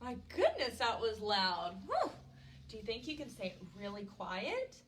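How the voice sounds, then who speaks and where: There's slight background noise as a young woman, her voice a little high and a little slow, entertains little kids at story time. Her delivery is exaggerated, animated and cheerful, and the preschool lesson includes a singalong.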